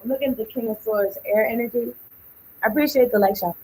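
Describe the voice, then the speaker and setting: Woman, tarot reader, husky tone, rambling off-the-cuff delivery with blunt slang. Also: on the high side, quick pace, darkish tone, rough recording. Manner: rambling, thinking aloud, trailing off; blunt and informal, with slang and swearing. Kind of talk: casual spoken tarot reading.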